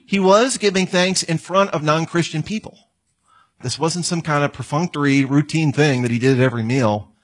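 A man preaching to his congregation in a slightly raised voice. He tells stories and acts out the people in them. He talks in the relaxed, conversational way of a pastor. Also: a little high, moderate pace. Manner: storytelling, acts out quoted voices. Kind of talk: sermon.

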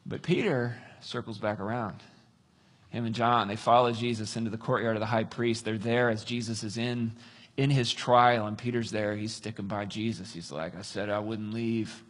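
A man preaching a sermon, telling a story with lively, acted-out dialogue. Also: on the low side, moderate pace. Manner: animated storytelling, acts out voices. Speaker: pastor.

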